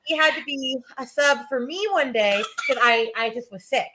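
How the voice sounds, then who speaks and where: A woman teacher telling a lively story, acting out her students' voices. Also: sits high, moderate pace, background noise. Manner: animated, acts out kids' voices. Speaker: teacher, guest cohost. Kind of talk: casual storytelling.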